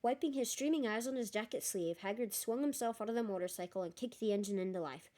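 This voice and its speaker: A woman reading a novel aloud in a lively way, breaking off for chatty, joking asides. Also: mid-range voice, fast. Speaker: reader.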